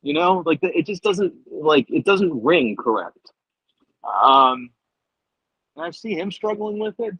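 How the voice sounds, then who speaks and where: Animated, husky-voiced male political journalist. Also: fairly high pitch, slow pace, no room sound. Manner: animated, rambling with many fillers and restarts. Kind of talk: conversational interview answer. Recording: dull, muffled remote audio.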